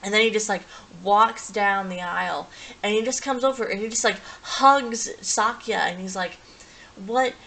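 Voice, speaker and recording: A woman's voice: mid-range voice, normal speed, creaky, pushed and bright, poor audio. A woman giving a casual, rambling plot recap as a reviewer, full of restarts and fillers.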